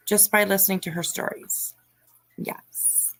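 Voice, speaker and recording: A woman's voice: mid-range voice, a little slow, a bit bright. A woman hosting a casual live stream, chatting and teasing as she reads out viewer comments.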